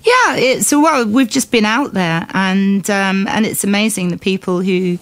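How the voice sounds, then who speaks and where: A woman's voice: medium pitch, a little slow, no room sound. Laughing woman telling frank stories. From England. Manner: lively, laughs often, frank and wry. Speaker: guest singer. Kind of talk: conversational interview.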